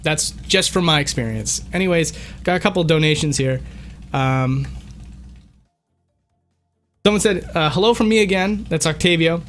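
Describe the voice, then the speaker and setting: A man's voice: fairly high pitch, expressive, moderate pace, long pauses, fairly bright tone, faint music behind. Chatty Boston-raised male streamer. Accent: light Boston. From Boston, USA. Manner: chatty, laughs easily, frequent restarts. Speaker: livestream host. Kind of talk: casual livestream chat reading donations.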